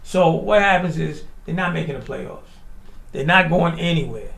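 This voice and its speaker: A man's voice: a little high, animated, normal speed, gravelly, fairly bright tone, echoey room. A man co-hosting a radio talk show, bantering and teasing with a laugh in his voice. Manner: laughing, teasing, talks over others. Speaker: radio co-host.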